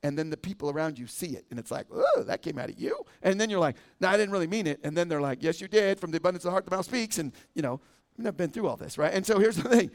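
A middle-aged man delivering a sermon as a pastor. His voice sits a little higher than most men's, and he talks to the congregation in a loose, conversational way, often pausing to ask "right?". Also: expressive.

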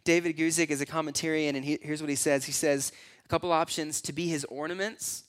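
A man preaching a sermon in a conversational, animated way, filling his talk with "like" and little acted-out quotes. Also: a little high, brisk. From United States. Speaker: pastor.

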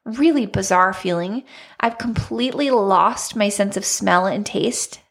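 A woman in her thirties hosting a podcast, chatting candidly and laughing often while she recovers from an illness that has slowed her down. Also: medium pitch, a bit bright, slightly rough. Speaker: podcast host. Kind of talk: casual chat.

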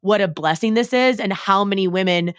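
A woman's voice: mid-range voice, fairly quick, no echo, studio quality. A pregnant young woman co-hosting a podcast, chatting in a bubbly, gushing way full of fillers. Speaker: podcast co-host. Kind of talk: casual chat.

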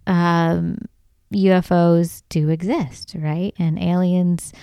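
A woman's voice: on the low side, warm tone, smooth, no echo, studio quality. A middle-aged woman hosting a comedy podcast, telling a rambling story with lots of fillers and blunt, profane asides. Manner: chatty, rambling, with frequent fillers and laughs. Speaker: podcast host.

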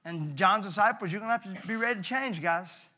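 Bright-voiced, animated male pastor. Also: sits high, a little fast. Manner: conversational, animated, jokey asides. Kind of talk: sermon.

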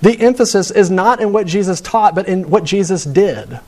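A man with a high, slightly mellow voice speaks at normal speed while delivering a conversational sermon. Storytelling carries it, with many restarts and a rising emphasis as he works up to each point.

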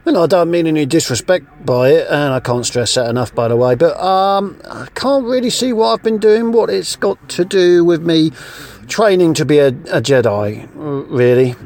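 A man's voice: on the high side, expressive, normal speed, darkish tone. A man playing a fed-up young male Jedi trainee in a comedic monologue, rambling and stammering with exasperation.

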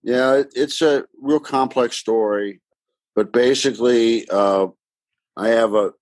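A man, a doctor from Mississippi, telling his story as a podcast guest in an earnest, halting way with many fillers. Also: medium pitch, steady tone, a little mellow, no echo. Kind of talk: conversational interview storytelling.

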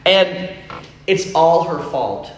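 Brief: young male preacher, slightly high voice, relaxed chatty delivery, roomy echo with faint background hum. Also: takes it slowly. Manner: casual storytelling with many fillers. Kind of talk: sermon. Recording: echoey room, faint ambience.

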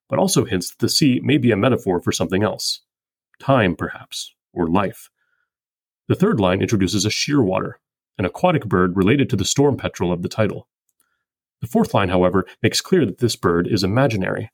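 A man with a fairly low, breathy voice talks through the meter of a poem in a scripted, measured way. He explains each point methodically, like a podcast host giving a close reading. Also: expressive. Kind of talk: scripted poetry analysis.

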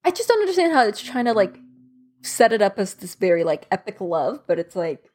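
Young woman, animated plot recap. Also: medium pitch, a little fast, a crowd in the background. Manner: animated plot recap with mocking quoted voices. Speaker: podcast co-host. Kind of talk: casual book discussion chat.

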